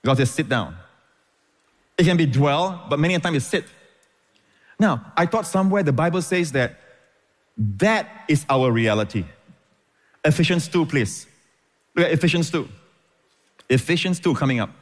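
A man's voice: on the high side, animated, moderate pace, pauses often, long reverb tail. A man preaching a sermon as pastor, emphatic and repeating phrases for stress.

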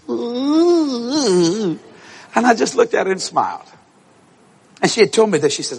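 Male preacher, high and gravelly, swings wildly in pitch, acts out voices, shouts at his congregation. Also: normal speed. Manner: animated, acts out voices, bursts into shouts and laughter. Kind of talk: storytelling sermon. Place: church service with congregation.

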